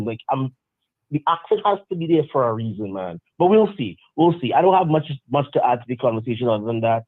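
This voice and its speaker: A man's voice: mid-range voice, lively intonation, fast, dry recording. A man calling in to a live show, chatting casually and rambling with restarts. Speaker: caller. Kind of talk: casual call-in chat. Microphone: phone call. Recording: tinny phone line.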